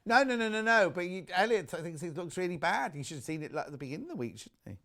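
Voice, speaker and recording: A man presenting on a live shopping channel, chatting warmly about fabrics and reading out viewer messages. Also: high-pitched, very animated, fast. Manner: chatty, gushing over products, reads viewer messages aloud. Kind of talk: live TV sales chat. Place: TV studio.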